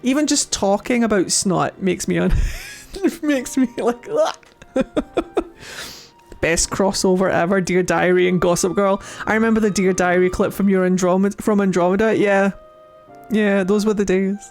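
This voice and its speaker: A playful woman streamer chats her way through a game. She reads its text aloud and jokes about it, giggles often and keeps dropping in filler words. Faint game music plays softly behind her. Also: medium pitch, normal speed. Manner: playful and giggly, with frequent laughs; chatty, with many filler likes. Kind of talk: casual let's-play commentary, reading game text aloud.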